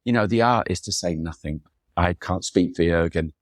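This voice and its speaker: Man, very low pitch, chatty, enthusiastic, anecdotal. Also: normal speed, no room sound, studio quality. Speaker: photographer guest. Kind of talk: storytelling conversation.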